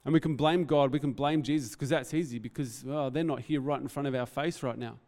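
A man's voice: mid-range voice, steady tone, a little fast, a little mellow, in a large hall. A man preaching a Christmas sermon in an earnest, reflective way, often stepping off his notes. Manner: earnest, reflective, speaks off the cuff. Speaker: pastor.

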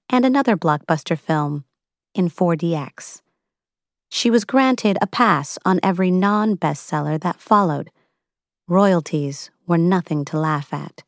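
An audiobook narrator reads a novel in a wry, even storytelling manner as scripted narration. Her voice is fairly low, and the studio-quality recording has no room sound.

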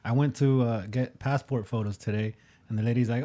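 A man's voice: medium pitch, fairly even intonation, warm tone. A man, chiming in with jokey remarks during a casual chat. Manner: jokey, quick interjections, laughs often.

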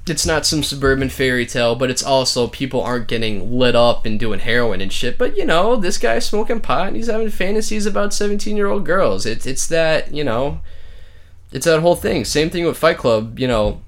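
A man's voice: mid-range voice, lively intonation, a little fast. A man co-hosting a casual podcast, counting down favorite movie scenes in a rambling, profane way. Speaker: podcast co-host.

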